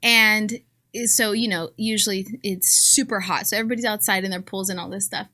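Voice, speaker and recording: A woman in her thirties with a Southern Californian accent, co-hosting a podcast and telling a story in a casual, animated way, often laughing. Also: mid-range voice, brisk. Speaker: podcast co-host.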